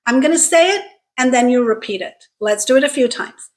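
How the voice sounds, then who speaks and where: A woman teaching a pronunciation lesson, speaking clearly and deliberately to her viewers and drawing out model vowel sounds. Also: sits high, lively intonation. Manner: encouraging, direct address to viewers. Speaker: accent coach.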